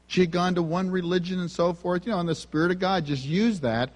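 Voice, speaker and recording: A man's voice: sits high, brisk, few pauses, long reverb tail. A man preaching a sermon, telling personal stories in an earnest, conversational way. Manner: earnest, conversational, self-confessing. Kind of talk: sermon storytelling.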